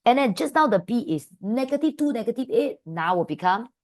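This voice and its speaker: A woman with a Malaysian English accent teaching an online maths class, calling her students "my dear" and asking them quick questions. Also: a little high. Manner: affectionate, calls students "my dear"; lively, asks many quick questions. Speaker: maths tutor.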